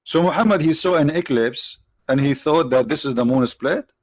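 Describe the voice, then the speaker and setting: A man's voice: fairly high pitch, normal speed, a little mellow, dry recording. Sarcastic man with a tired voice. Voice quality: non-native English phrasing. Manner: sarcastic, mocking, rhetorical questions. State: tired voice, clearing throat. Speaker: livestream host. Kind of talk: mocking debate commentary.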